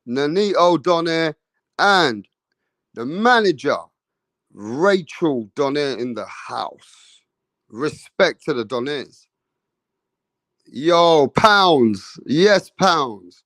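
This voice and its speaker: A man's voice: on the high side, expressive, extremely slow, long pauses, fairly bright tone, dry recording. A man hosting a casual boxing livestream, greeting viewers in the chat by name in slangy talk.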